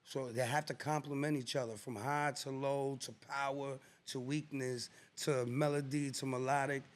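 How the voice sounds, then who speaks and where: A man's voice: medium pitch, flat delivery, normal speed. A man from New Jersey, a rapper guest in a casual interview, talking in a laid-back, slangy way and repeating phrases for emphasis.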